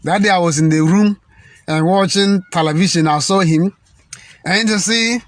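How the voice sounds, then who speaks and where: High-voiced man ranting indignantly. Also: dry recording. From Ghana. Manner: indignant, repetitive, halting restarts. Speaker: political commentator. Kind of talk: impassioned political rant.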